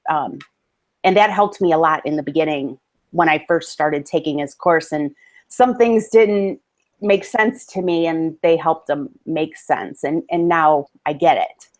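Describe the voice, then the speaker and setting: A woman guest in a casual interview, enthusiastic and friendly with quick asides. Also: sits low. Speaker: guest, book promotion company owner.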